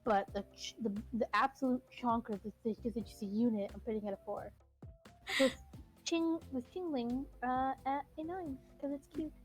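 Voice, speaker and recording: A woman's voice: fairly high pitch, moderate pace, faint music behind. A woman chatting casually and playfully, giggling and restarting her sentences. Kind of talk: casual chat.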